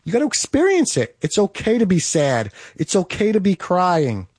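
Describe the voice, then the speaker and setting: A man's voice: sits high, huge pitch swings, normal speed, darkish tone, husky, no echo, clean studio sound. A man speaking straight to the listener in a motivational monologue, emphatic and repetitive, with short punchy commands.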